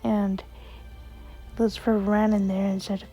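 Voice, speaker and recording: A woman tells a bedtime story in a slow, soft, unhurried voice. Her tone is mellow and gravelly. The recording is dull and lo-fi, with faint music behind. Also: medium pitch, little pitch movement.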